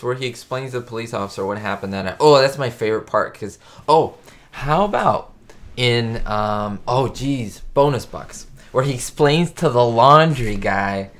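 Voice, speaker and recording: A young man hosting a casual live stream, answering viewer questions with chatty enthusiasm. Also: fairly low pitch. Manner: chatty, enthusiastic, quotes show lines in put-on voices. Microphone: webcam or desk mic.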